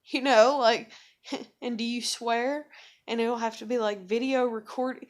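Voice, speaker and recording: A young woman vlogger vents casually, ranting with profane sarcasm in a fairly high voice at a measured pace with fairly even intonation. She rambles, leans heavily on "like" and "you know," and mocks herself.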